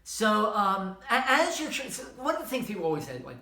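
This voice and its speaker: A man's voice: high voice, brisk. A middle-aged man with a Southern American accent giving an informal, conversational history lecture, correcting himself as he goes. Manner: conversational, self-correcting, animated asides. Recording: echoey room.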